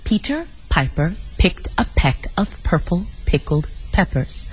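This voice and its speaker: A professional storyteller, heard in a recorded clip, recites a tongue twister with crisp diction. The voice is slightly husky, and its pitch bounces lively from word to word. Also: poor audio. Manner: crisp, rapid-fire articulation.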